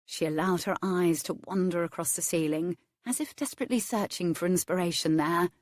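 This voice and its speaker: A woman reading a romance novel aloud as its narrator, measured and expressive. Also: fairly low pitch, no echo, studio quality. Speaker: audiobook narrator.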